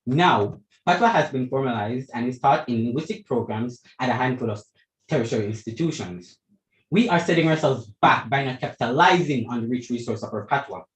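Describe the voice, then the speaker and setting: A man's voice: medium pitch, animated, brisk, roomy sound, low-quality recording. A teenage boy with a Jamaican accent giving an emphatic, rhetorical school debate speech, addressing judges and opponents. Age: teens. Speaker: debate speaker.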